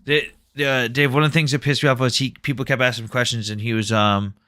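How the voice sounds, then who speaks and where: A man's voice: mid-range voice, steady tone, fast talker, sharp tone, dry recording, clean studio sound. A man hosting a casual heated debate, blunt and profane, brushing off points he finds off topic. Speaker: host.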